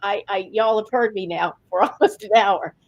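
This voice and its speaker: An older woman from rural Virginia, a spiritual teacher telling stories in an interview, lively with laughs and restarts. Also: medium pitch, moderate pace. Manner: animated storytelling with laughs and restarts. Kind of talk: interview conversation.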